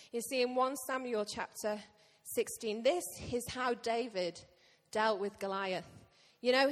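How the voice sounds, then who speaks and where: High-voiced woman preaching in an echoing hall. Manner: lively, joking asides to the congregation. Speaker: pastor. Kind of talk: sermon. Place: church hall. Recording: long reverb of a church hall.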